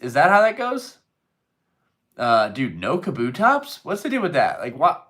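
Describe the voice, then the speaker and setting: A man's voice: on the high side, wildly swooping pitch, a little slow, a bit bright. A man hosting a casual live stream, reading viewer messages aloud and answering them in a loose, joking way with plenty of swearing. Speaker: livestream host reading chat. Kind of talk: casual livestream chat.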